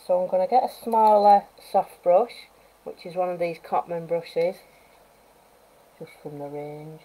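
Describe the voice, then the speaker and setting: A woman with a mellow, slightly low voice talks casually through a live painting lesson. She thinks aloud as she works and adds gentle coaching asides for viewers. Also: steady tone, a little slow, poor audio. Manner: chatty, thinks aloud while working. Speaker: wildlife artist teaching painting. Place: art studio at home, live stream.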